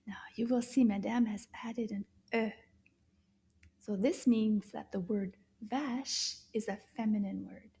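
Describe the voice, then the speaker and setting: Slow, gentle children's French teacher. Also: female voice, medium pitch. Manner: slow, animated and exaggerated, gasping with delight. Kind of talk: children's language lesson.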